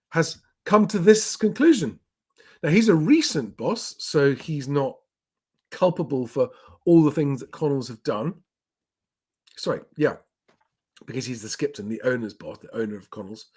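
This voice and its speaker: A man hosting his property channel live, rambling and chatty as he runs through the week's news. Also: mid-range voice. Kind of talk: casual live commentary.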